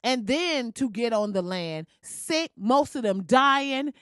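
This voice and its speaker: A woman's voice: on the high side, expressive, takes it slowly, a bit bright, clear, resonant tone, dry recording, clean studio sound. Heated profane woman ranting. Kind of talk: profane rant.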